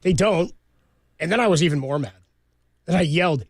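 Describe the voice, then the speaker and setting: An excited man co-hosting sports talk radio, rattling through his stories at a rapid clip. His voice sits a little high. The studio sound is close and dry. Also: no room sound.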